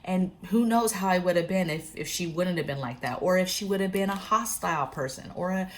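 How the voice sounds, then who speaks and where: Speaking briskly in a voice on the low side, a woman runs a relaxed, talkative prepping vlog with a little background noise. She mixes storytelling with advice and repeatedly addresses viewers head-on.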